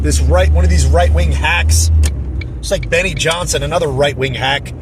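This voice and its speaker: A man's voice: fairly high pitch, background noise. A man giving indignant, sarcastic opinion commentary, mocking the people he quotes. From New Jersey.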